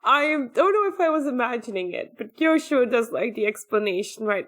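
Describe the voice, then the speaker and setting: A woman's voice: fairly high pitch, big pitch swings, brisk, a bit bright. A woman co-hosting a casual anime podcast, blunt and a little exasperated as she recaps the episode. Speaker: podcast co-host.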